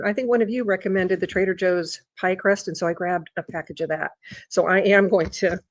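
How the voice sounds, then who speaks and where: A woman vlogger chatting casually, rambling with restarts and breaking into high sing-song talk to her dog. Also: no room sound. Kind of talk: casual chat.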